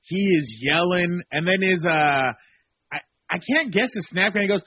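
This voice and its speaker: A male sports reporter calling in as a guest on a radio show, talking in a rambling, animated way with many fillers. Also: high-pitched, moderate pace, husky, no echo. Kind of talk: phone-in radio interview. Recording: dull, dry lo-fi guest line.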